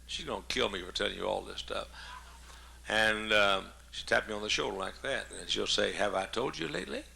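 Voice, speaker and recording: A man's voice: lowish voice, fairly even intonation, brisk, gravelly, pushed and bright, husky. A man in his seventies, a pastor preaching a humorous sermon in a folksy, joking way, coughing often. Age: 70s.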